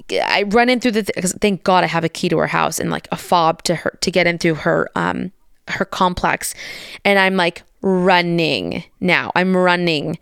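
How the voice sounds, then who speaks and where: A woman in her thirties casually telling her followers a story, chatty and animated, swearing now and then and quoting the people in it. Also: mid-range voice, clean tone, no echo, clean studio sound. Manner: chatty, animated retelling with swearing and quoted voices.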